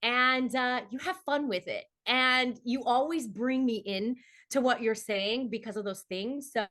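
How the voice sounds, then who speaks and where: A woman's voice: fairly high pitch, a little slow, a bit bright. A woman actress, a guest on a podcast, chatting casually and expressively and laughing often. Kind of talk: casual chat.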